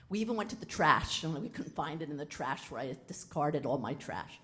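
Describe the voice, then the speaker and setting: A woman telling a personal story live on a theater stage, animated and frank, acting out the dialogue as she goes. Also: low-pitched, a little fast, hardly any pauses. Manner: animated, dramatic retelling with quoted dialogue; casual and frank. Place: theater stage before an audience.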